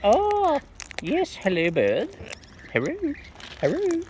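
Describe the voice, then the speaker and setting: A woman outdoors chatting playfully to wild birds, her greetings jumping into squeaky high hellos, recorded on a phone. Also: very animated, takes it slowly, heavy background noise. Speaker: vlogger feeding wild birds. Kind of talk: casual chat to birds. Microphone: phone camera.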